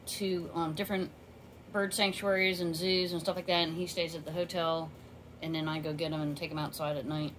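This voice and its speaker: Woman rambling through a home vlog, sometimes cooing way up high to her bird, faint hiss in the room. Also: steady tone, normal speed. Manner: chatty, rambling, coos in a high baby-talk voice to her bird. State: out of breath. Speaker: vlogger with a pet parrot. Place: condo at home, indoors.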